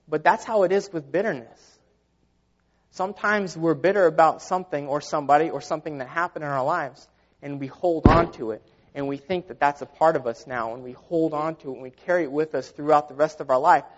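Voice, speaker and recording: A man's voice: on the high side, moderate pace. A man preaching a sermon in an earnest, conversational way, often saying "you know", recorded with a dull, lo-fi sound. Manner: earnest, conversational with repeated fillers.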